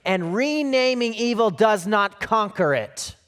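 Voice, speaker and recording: A man's voice: high-pitched, animated, measured pace, fairly bright tone. A male pastor preaching a sermon emphatically, with rhetorical questions and repeated phrases.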